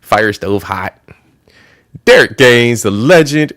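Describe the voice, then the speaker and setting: A low-voiced man chatting casually on a live stream, greeting viewers by name between reactions. The sound is dry and close, with no room around it. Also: expressive, normal speed, a bit bright, no room sound, some chatter behind. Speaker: stream host.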